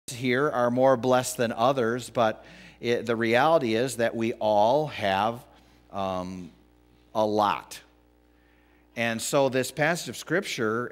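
A middle-aged man preaching a sermon as pastor, pausing often and rising to loud, emphatic peaks. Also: mid-range voice.

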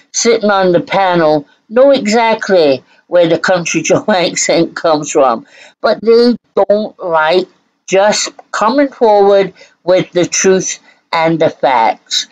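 A woman's voice: lowish voice, expressive, takes it slowly, low-quality recording. Sarcastic woman from Scotland. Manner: sarcastic, mock-sweet retorts. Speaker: channel host. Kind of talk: reaction commentary.

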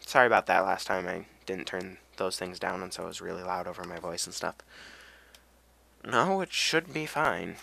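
A man's voice: sits low, gravelly, pushed and bright. A tired young man rambling through casual game commentary, with self-deprecating asides and a voice that cracks now and then. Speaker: let's play gamer.

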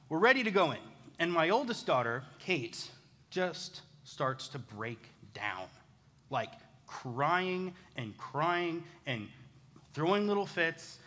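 A man's voice: on the high side, a bit bright. A man in his thirties preaching a sermon as a pastor, telling stories in a casual, self-deprecating way. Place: church sanctuary. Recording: echoey church hall.

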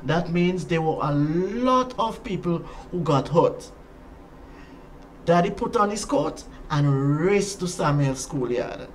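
A storyteller telling a children's story and ending with a prayer, in a slow, dramatic way with repeated phrases, recorded from a distance with faint ambience. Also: mid-range voice, a little hiss or hum.

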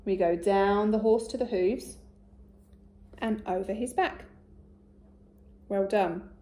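Slow, mellow-voiced woman teacher. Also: medium pitch. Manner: slow, clear and encouraging, with much praise. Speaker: primary school teacher. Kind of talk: recorded phonics lesson for young children.

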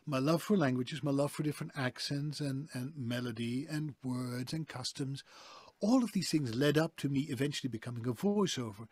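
A man's voice: mid-range voice, moderate pace, slightly rough, no room sound. A man with a hard-to-place European-English accent, telling stories animatedly as a voice actor guest on a video call interview. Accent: mixed European-English. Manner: animated, emphatic storyteller. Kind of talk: conversational interview.

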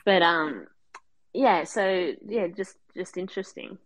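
Low-voiced hesitant woman sharing stories. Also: takes it slowly, dry recording, rough recording. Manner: hesitant, many fillers and restarts. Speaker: group call participant. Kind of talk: casual personal sharing.

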